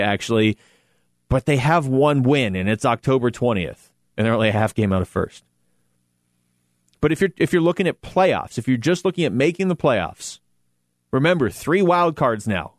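A man's voice: medium pitch, lively intonation, moderate pace, no room sound, clean studio sound. A man hosting a sports talk show, chatting casually and animatedly about a football team's playoff chances with self-deprecating asides. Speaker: sports radio host.

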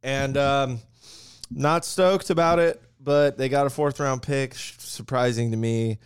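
A man co-hosting a sports podcast in casual chat, talking quickly with wry, joking asides. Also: medium pitch, fairly even intonation, clean tone. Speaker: podcast co-host.

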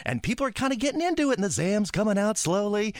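A man telling an old arena story in an animated way, acting out the voices of the people in it. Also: sits high, fast talker, background noise. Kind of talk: animated anecdote.

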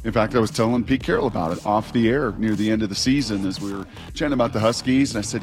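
A man's voice: fairly low pitch, fast talker, hardly any pauses, music in the background. A man in his forties, a former player co-hosting sports talk radio, telling stories in a rambling way with many restarts. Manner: rambling, self-interrupting, storytelling with restarts.

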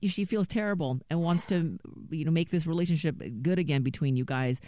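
A man hosting a morning radio call-in segment, speaking in a gentle, measured way with some hesitant phrasing. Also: a little high, no room sound, studio quality. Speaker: radio show host.

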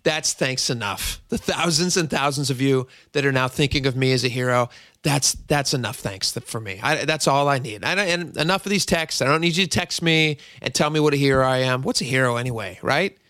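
A man's voice: medium pitch, brisk, pushed and bright, no room sound. A man hosting a talk radio show on a studio microphone, chatty and jokingly self-mocking.

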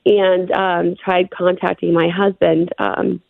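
A middle-aged woman being interviewed, recounting a frightening experience in a shaken, halting way with many fillers. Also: fairly low pitch, level tone, vocal fry, no echo. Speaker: interview guest. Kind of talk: telling a personal story. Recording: phone-line interview audio.

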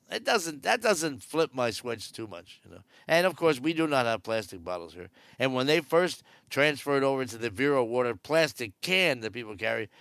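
A man's voice: medium pitch, a bit bright, dry recording, studio quality. A man giving casual, wry cruise news commentary from aboard a ship, joking sarcastically. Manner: chatty and wry, jokes sarcastically.

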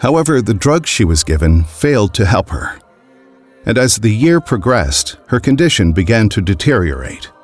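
A man narrating a scripted story in a grave, measured way. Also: fairly low pitch, sing-song, soft background music.

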